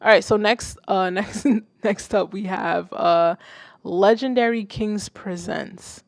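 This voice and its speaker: A woman's voice: mid-range voice, fairly even intonation, a little slow, creaky, no room sound. A young woman from Haiti hosting a live music listening stream, giving candid, casual feedback and swearing freely. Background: submitted song playing.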